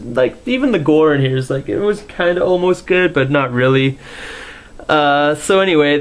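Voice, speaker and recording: A young man giving a casual, rambling movie review, full of fillers and swearing, dismissive in tone. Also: medium pitch.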